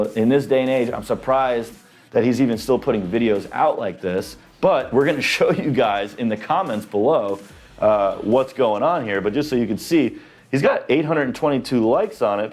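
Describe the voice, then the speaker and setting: A man's voice: medium pitch, lively intonation, moderate pace, darkish tone. A man commenting on a played video clip, explaining a point step by step in a casual way and checking in with "right?". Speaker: business credit commentator.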